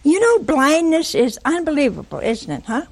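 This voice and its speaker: An older woman giving a sermon, telling the story in a lively way, acting out voices and asking her listeners questions. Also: high-pitched, moderate pace. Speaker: preacher.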